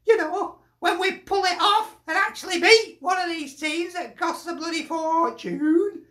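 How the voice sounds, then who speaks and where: A woman's voice: extremely high pitch, a little slow, a bit bright, roomy sound. A woman with a Lancashire accent, a football fan sending in a chatty, jokey video message and laughing often.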